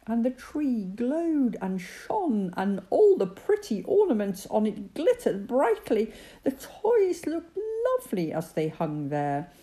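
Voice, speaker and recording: A woman reading a children's story aloud, gentle and expressive. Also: mid-range voice. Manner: gentle, expressive voicing of characters.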